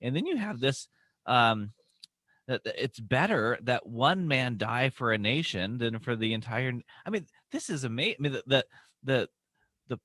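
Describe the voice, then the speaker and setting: Bright-voiced laughing man on a call. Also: medium pitch, lively intonation, dry recording, studio quality. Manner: laughs easily, halting with fillers. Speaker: co-host and pastor. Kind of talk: casual theological chat.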